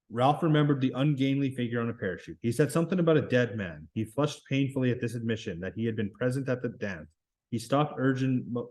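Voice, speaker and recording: A man reading a novel aloud at a steady pace, with occasional small stumbles and restarts. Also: mid-range voice, low-quality recording. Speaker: reader.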